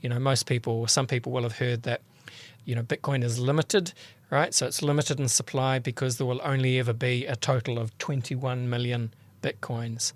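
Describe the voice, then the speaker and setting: A man's voice: mid-range voice, flat delivery, moderate pace. A man with a mid-range voice speaks as a podcast guest. He explains patiently and steadily, laying his points out one at a time. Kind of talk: explanatory interview talk.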